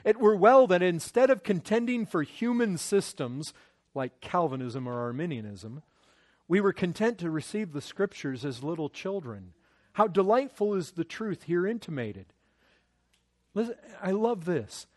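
A male preacher with a fairly high voice, delivering an impassioned sermon. He builds to loud, urgent pleading, stumbling and restarting as he pushes his point. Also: very animated, measured pace.

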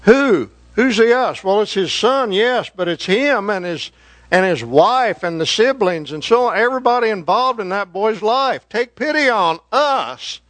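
A man preaching a sermon in an earnest way, slowing down and rising in pitch to stress his points. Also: lively intonation, dry recording. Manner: slow, earnest preaching that rises in pitch for emphasis.

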